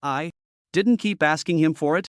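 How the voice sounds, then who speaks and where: A man's voice: on the high side, normal speed, no room sound, studio quality, natural voice. A man reading a timid, earnest young woman. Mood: flustered. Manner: hesitant, earnest.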